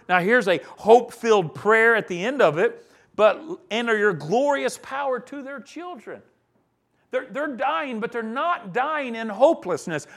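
This male pastor's high voice carries an earnest sermon on a psalm, rising to emphatic high points. Soft laughs come between his points.

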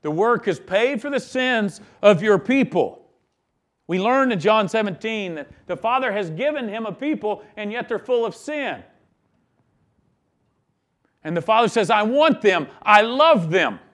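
A man's voice: high-pitched, animated, measured pace, long pauses. A man preaching a sermon, emphatic, with his voice rising and dropping in volume. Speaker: pastor.

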